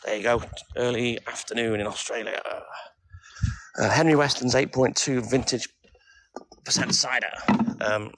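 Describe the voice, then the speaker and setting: A man's voice: medium pitch, fairly even intonation, normal speed, pauses often, noisy background. A man from North Wales with a North Welsh accent, chatting casually and wryly on a livestream and answering viewers by name. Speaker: livestream host. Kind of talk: casual live chat with viewers.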